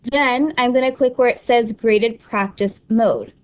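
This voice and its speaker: A woman's voice: on the high side, measured pace, a little mellow, highs cut off. A young adult woman teacher explaining an online study tool step by step, casual and instructive with frequent ums and restarts. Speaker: Spanish teacher. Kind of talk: screen-recorded tutorial walkthrough.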